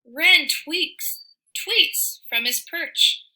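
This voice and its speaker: A woman reading a children's picture book aloud in an expressive, sing-song way, with soft asides to the listener. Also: extremely high pitch, very slow, low-quality recording. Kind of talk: read-aloud storytelling for children.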